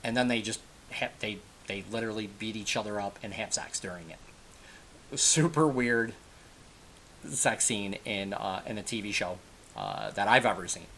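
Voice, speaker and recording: A man with a lowish voice recaps a TV episode in loose, conversational fashion. He rambles, circles back and corrects himself as he goes. A faint hiss sits under the recording. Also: moderate pace, a bit bright. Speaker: TV episode reviewer. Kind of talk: casual spoken episode recap.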